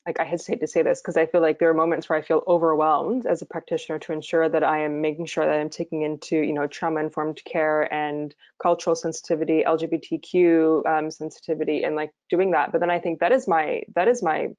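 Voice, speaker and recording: A woman with a very low, gravelly voice hosts a webinar over a video call. She speaks earnestly as a practitioner and keeps restarting her sentences. The sound is dry and close. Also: little pitch movement, quick pace, hardly any pauses, darkish tone, dry recording. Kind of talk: webinar conversation.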